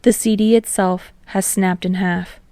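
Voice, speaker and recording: A woman narrating fan fiction aloud, steady and slowing on emotional passages. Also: mid-range voice, dry recording. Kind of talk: audiobook narration.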